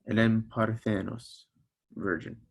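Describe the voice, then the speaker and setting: A fairly low-pitched young man leads a recorded language lesson. He goes patiently through each sound, step by step, and repeats his examples so the listener can follow. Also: steady tone, slow, vocal fry, breathy edge. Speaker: teacher.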